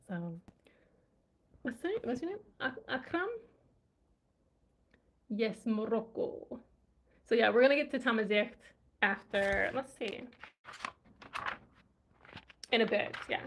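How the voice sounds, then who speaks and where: A woman's voice: on the high side, normal speed. A woman language vlogger chatting casually, musing aloud and laughing often as she recalls words. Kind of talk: casual livestream chat.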